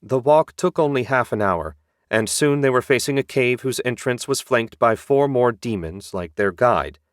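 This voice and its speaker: A man narrating a fantasy audiobook in a measured, even storytelling manner. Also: medium pitch, dry recording, clean studio sound.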